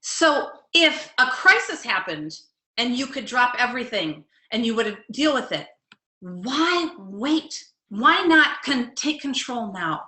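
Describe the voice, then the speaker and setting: A woman's voice: on the high side, big pitch swings, slow, sharp tone, reverberant. A middle-aged woman, a life coach giving a motivational webinar talk, earnest and direct, putting questions to her audience.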